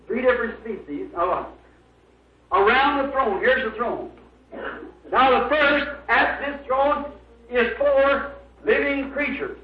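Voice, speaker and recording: A man's voice: very high voice, slow pace. A man preaching a sermon, fervent and emphatic, spelling out words letter by letter. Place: church. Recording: echoey, dull lo-fi old recording.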